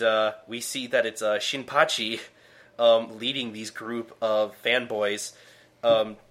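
A man's voice: on the low side, a bit bright. Man hosting a casual podcast. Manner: swears a lot, acts out characters' lines in quick bursts with laughs. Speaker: podcast co-host recapping a manga. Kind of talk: casual chat.

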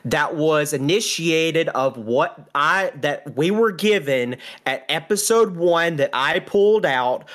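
A woman playing her character in a tabletop game, ranting with heavy profanity. She speaks slowly and with emphasis. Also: deep voice, animated. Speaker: player.

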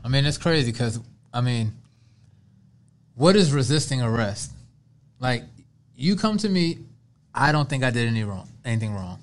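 A man's voice: medium pitch, expressive, moderate pace, pauses often. A man talking casually on a podcast, loose and conversational, stretching words for emphasis. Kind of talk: casual chat.

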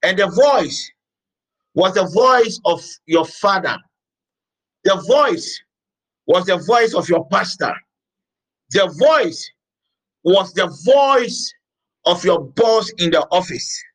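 A man preaching a sermon as pastor, emphatic, repeating phrases and shouting out words now and then. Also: high-pitched, animated, slow, pauses often, rough recording.

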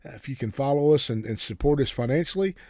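A man's voice: mid-range voice, lively intonation, fast, mellow, dry recording, studio quality. A man preaching a folksy, earnest sermon, often repeating words as he starts a sentence.

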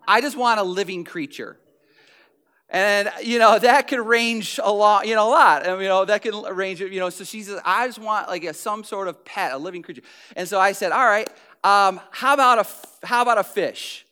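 A man's voice: sits high, moderate pace, sharp tone, smooth. A middle-aged man casually telling a personal anecdote, chatty and self-deprecating, full of fillers and restarts. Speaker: storyteller.

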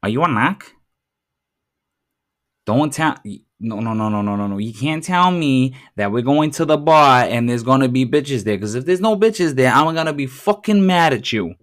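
A man putting on a pushy Boston bar-goer's voice, loud and insistent. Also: medium pitch, animated, moderate pace, pitched above the performer's own voice, natural voice. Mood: demanding. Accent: put-on Boston.

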